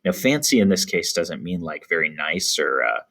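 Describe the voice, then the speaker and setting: A man's voice: low voice, sing-song, normal speed, gravelly, fairly bright tone. A man teaching English, reading a poem aloud and explaining it to teens in a casual way full of fillers.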